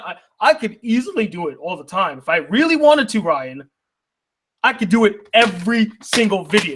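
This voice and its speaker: Young male critic, high voice, heated indignant rant with rhetorical questions. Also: very animated, moderate pace, a bit bright, slightly rough. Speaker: YouTube critic reading viewer mail. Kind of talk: heated ranting commentary.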